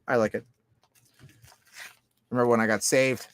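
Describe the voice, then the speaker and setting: A man talking in a loose, profane, rambling monologue, jumping between loud outbursts and low mutters. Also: level tone, normal speed, slight background noise. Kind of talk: casual monologue.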